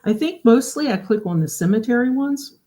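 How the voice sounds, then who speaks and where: A woman's voice: fairly high pitch, animated, a little fast, warm tone. A woman hosting a casual livestream. She explains things in a chatty way and often asks her viewers questions. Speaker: host of a genealogy livestream.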